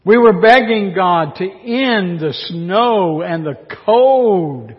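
A man preaching a sermon in a high, unhurried voice, talking to his congregation as if in conversation and throwing rhetorical questions at them. His words ring with a long reverb through a large church hall. The recording sounds a little dull. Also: lively intonation. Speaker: pastor.

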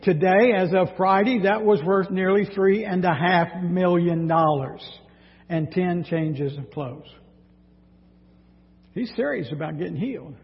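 A man preaching a sermon, reading scripture dramatically and speaking in an animated way. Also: high voice. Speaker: pastor. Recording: dull sound with long hall reverb.

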